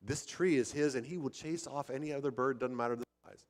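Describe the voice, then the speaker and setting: An older man preaching a sermon in a conversational, animated way, often restarting his sentences. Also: mid-range voice, a little fast. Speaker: pastor. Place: church sanctuary. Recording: long hall reverb.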